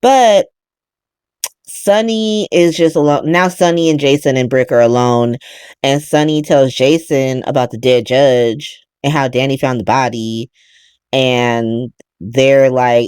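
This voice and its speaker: A woman hosting a podcast, chatting casually as she recaps a soap opera in an animated, profane way, laughing as she goes. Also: very deep voice, moderate pace, smooth, no echo, studio quality. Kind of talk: casual chat.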